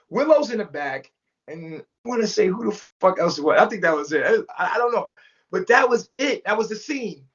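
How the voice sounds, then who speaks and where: A man's voice: sits high, fairly bright tone, dull audio. A man telling a story in casual talk, acting out every quote with big jumps in his voice and swearing freely. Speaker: storyteller guest. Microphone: remote call mic.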